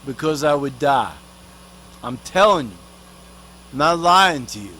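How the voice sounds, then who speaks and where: A man's voice: fairly high pitch, expressive, measured pace, pushed and bright, a little hiss or hum. A man in a profane, rambling comic rant, full of street slang and swearing, who sometimes talks about himself in the third person. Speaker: vlogger.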